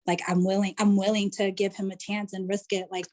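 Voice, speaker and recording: A woman's voice: medium pitch, level tone, brisk, darkish tone. A woman guest telling a personal story on a video call, chatty and full of fillers. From United States. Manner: chatty, full of "like" and "you know". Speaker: interview guest.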